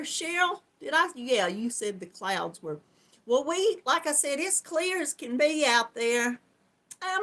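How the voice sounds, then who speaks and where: A middle-aged woman with a warm Southern drawl chats casually on a live stream and welcomes viewers by name. Her voice sits high and bright. She talks at an easy, unhurried pace, with affectionate words like hon and sweetheart. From Georgia, US. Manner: chatty, affectionate, calls viewers hon and darling. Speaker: host greeting live chat viewers.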